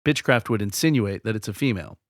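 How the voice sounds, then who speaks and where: A man's voice: fairly low pitch, quick pace, no echo, clean studio sound. A man co-hosting a casual podcast, talking in a laid-back, rambling way with filler words. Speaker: podcast co-host.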